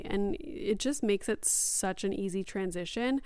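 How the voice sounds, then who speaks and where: A woman's voice: medium pitch, unhurried, hardly any pauses, darkish tone, smooth, no room sound, studio quality. A young woman and mother casually telling a parenting story on a podcast in a chatty, upbeat way. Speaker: podcast host sharing parenting experience. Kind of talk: casual chat.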